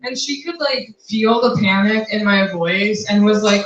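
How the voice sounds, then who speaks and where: A woman's voice: mid-range voice, unhurried. Brash woman comic in a roomy bar. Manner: brash, crude, conversational punchlines. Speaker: stand-up comic. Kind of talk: stand-up set. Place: basement bar stage. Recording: roomy, distant, dull, crowd laughter.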